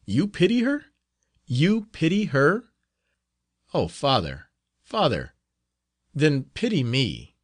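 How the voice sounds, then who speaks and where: A man's voice: mid-range voice, animated, normal speed, no room sound, natural voice. A man voicing a young male novice in an audiobook, pleading in an emotional, faltering way. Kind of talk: audiobook character reading.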